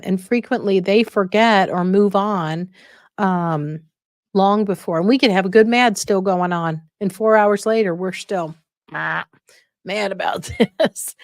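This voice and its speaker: Woman, low voice, dry close sound, encouraging, podcast host, casual advice. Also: a little mellow, dry recording. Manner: encouraging, checks in with listeners. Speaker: podcast host and dementia care consultant.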